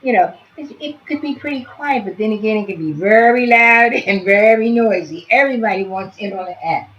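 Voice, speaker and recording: A woman who teaches early childhood education, talking through a demonstration and chatting softly to pretend infants as she goes. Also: mid-range voice, normal speed, muffled recording, a little hiss or hum.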